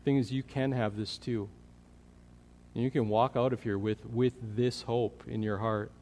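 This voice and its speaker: A man preaching a sermon as pastor, earnest, building in energy and then dropping to a quiet, prayerful tone. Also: mid-range voice, steady tone, measured pace. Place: church sanctuary. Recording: long hall reverb.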